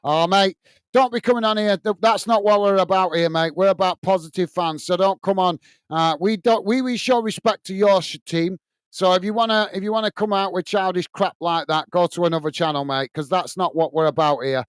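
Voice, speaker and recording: He's a British watch-along host with a high-pitched, smooth voice speaking a little fast, narrating live football and chatting to viewers. "Mate" and plenty of fillers come up often, and there's no room sound.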